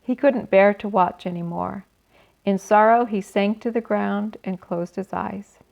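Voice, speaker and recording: A woman reading a children's book aloud in a gentle, expressive way, adding small asides for her listeners. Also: medium pitch, unhurried, gravelly. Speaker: storyteller. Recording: slightly dull recording.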